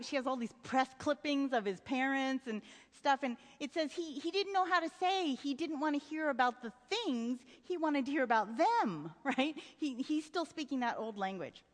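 A woman's voice: normal speed, few pauses. A woman discussing a novel and reading passages aloud, acting out the quotes with big swings of voice. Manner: animated, acts out quotes with big pitch swings. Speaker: literature lecturer. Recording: hall reverb.

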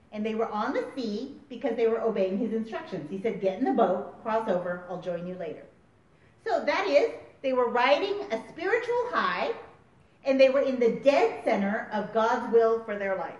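A woman preaching a sermon, animated and often laughing as she acts out voices. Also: on the high side, normal speed. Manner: animated, laughing, acting out quotes. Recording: roomy, distant, dull recording.

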